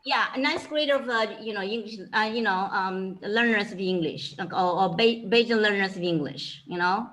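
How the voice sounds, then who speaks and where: A woman's voice: medium pitch, moderate pace, few pauses, a bit bright, low-quality recording. A woman with a Chinese accent, a Chinese language teacher giving an informal lecture, filling her talk with "you know" and "okay".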